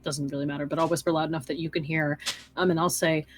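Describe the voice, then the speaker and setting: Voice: medium pitch, little pitch movement, fast talker, a little hiss or hum. A player in a tabletop game, chatty and rambling, with lots of "like" and "um". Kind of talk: casual tabletop game talk.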